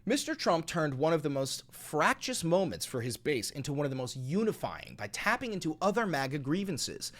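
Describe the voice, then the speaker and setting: A man's voice: fairly high pitch, moderate pace, few pauses. A man hosting a live-streamed political commentary show, reading news stories aloud and riffing on them with profanity. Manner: animated, profane, reads news aloud then riffs.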